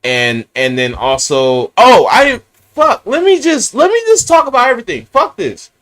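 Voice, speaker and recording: A man's voice: very high-pitched, moderate pace. A young man with a San Francisco Bay Area accent venting in a profane, rambling rant about his boss. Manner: animated, swearing, rambling rant.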